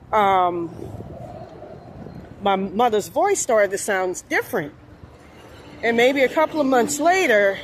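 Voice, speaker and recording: A woman's voice: mid-range voice, a little hiss or hum. Rambling New woman vlogging. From New Orleans, USA. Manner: rambling, meandering, frequent fillers. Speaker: spiritual vlogger. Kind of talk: casual monologue.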